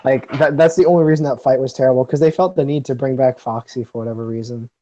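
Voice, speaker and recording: A young man in casual chat, opinionated and quick to rant, laughing as he goes. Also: mid-range voice, steady tone, muffled recording, noisy background.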